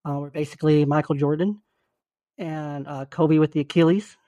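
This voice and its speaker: Young man, podcast co-host, slightly high voice, earnest and encouraging, dry close sound. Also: fairly even intonation, moderate pace, warm tone, no room sound, lo-fi sound. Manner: earnest, encouraging, loose and chatty. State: sick with flu. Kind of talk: casual podcast chat.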